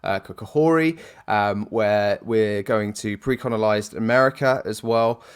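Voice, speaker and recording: A man's voice: fairly low pitch, unhurried, clear, resonant tone. A man co-hosting a podcast in casual chat, rambling and hesitant with many fillers. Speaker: podcast co-host.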